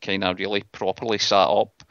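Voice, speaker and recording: A man's voice: on the low side, flat delivery, moderate pace, fairly bright tone, no echo. A middle-aged Scottish man hosting a casual podcast chat, talking bluntly and with scorn. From Scotland. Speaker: podcast host. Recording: dull lo-fi dry sound.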